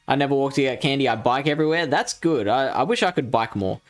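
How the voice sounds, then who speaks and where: With soft music in the background, this Australian streamer and show host talks quickly in an animated, medium-pitched voice. He gives casual commentary on his game, reads chat, muses aloud, and laughs at his own expense.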